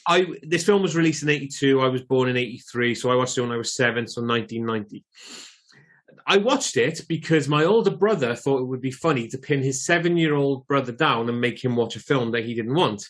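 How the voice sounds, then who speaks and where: A man's voice: mid-range voice, expressive, a little fast. A man in his forties co-hosting a podcast, chatting casually with restarts and the odd swear. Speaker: podcast co-host. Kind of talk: casual chat.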